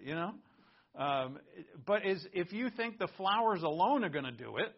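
A man's voice: high-pitched, sing-song, normal speed. A man preaching a sermon, reading scripture aloud and explaining it in an earnest teaching tone. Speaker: pastor. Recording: muffled lo-fi recording.

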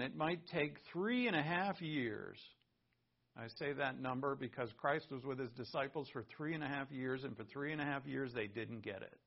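Male pastor, gravelly mid-pitched voice, animated conversational sermon, dull lo-fi recording. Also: moderate pace. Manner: animated, conversational preaching with asides and laughs.

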